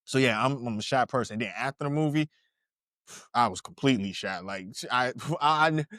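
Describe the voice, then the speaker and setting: A man's voice: mid-range voice, normal speed, a bit bright, no room sound, studio quality. A man in his thirties, a podcast co-host, telling stories in casual chat with slang, laughter and frequent restarts.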